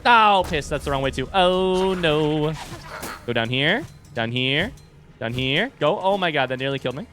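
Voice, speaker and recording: A man from the US East Coast with an East Coast accent, giving live commentary while playing a game and thinking out loud as he goes. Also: medium pitch, lively intonation, moderate pace, soft background music. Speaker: streamer.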